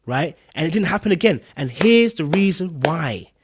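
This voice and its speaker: Man, podcast host, slightly high-pitched, emphatic and repetitive, casual commentary. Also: animated, moderate pace, slightly rough. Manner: emphatic, repeats points, keeps checking in with "right?".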